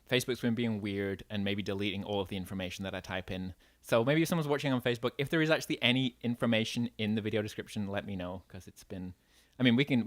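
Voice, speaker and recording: A man's voice: lowish voice, no room sound. A man hosting a livestream in casual chat, jokey and loose with fillers. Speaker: livestream host.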